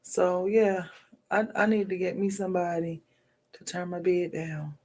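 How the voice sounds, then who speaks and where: Her voice lowish, fairly even and a little mellow at a measured pace, a tired woman with a daughter ends her livestream chatting casually. She offers viewers encouragement in loose, slangy language.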